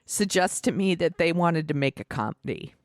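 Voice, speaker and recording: A woman's voice: on the low side, lively intonation, normal speed, no echo, clean studio sound. A woman co-hosting a podcast in casual chat, talking freely, laughing often and acting out quotes. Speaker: podcast co-host.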